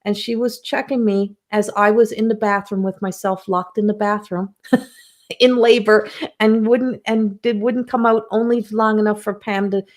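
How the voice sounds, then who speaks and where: Woman, live card reader, emotional and affirming, reads comments aloud, medium pitch. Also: steady tone, moderate pace, darkish tone. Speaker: intuitive card reader hosting a live stream. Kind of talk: live stream card reading.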